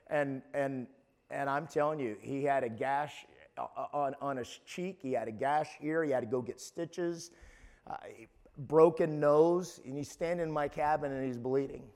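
A man's voice: medium pitch, moderate pace, darkish tone. A man preaching a sermon as pastor, emphatic, often restarting and repeating his words.

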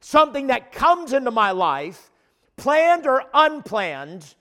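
Male pastor with a high voice, preaching emphatically with many restarts. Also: big pitch swings, slow, sharp tone. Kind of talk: sermon.

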